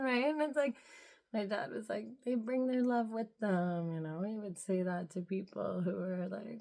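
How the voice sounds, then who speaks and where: A woman's voice: a little high, creaky. A woman in her thirties musing in a casual, rambling vlog monologue, filling her talk with "like". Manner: meandering, heavy use of "like", soft musing tone. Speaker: spiritual vlogger.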